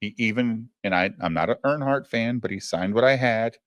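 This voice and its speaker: A man's voice: medium pitch, normal speed, no room sound. A man telling a story in a casual, profane style, often addressing his listener directly.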